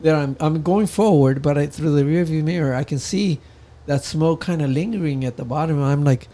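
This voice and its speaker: A man's voice: on the high side, brisk, warm tone. A man in casual chat, telling a rambling story in a laid-back way and acting out what people said.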